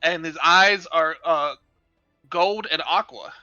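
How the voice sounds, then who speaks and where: Bright-voiced man describing a character hesitantly. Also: a little high, slow pace, no echo, dull audio, soft background music. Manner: hesitant, many fillers and restarts. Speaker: game master. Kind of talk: descriptive tabletop narration.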